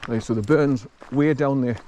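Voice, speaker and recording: Walking a rural forest track outdoors, a man films his hike and chats rambling to the viewer in a mellow, mid-range voice at normal speed. Slight background noise accompanies his casual walking narration.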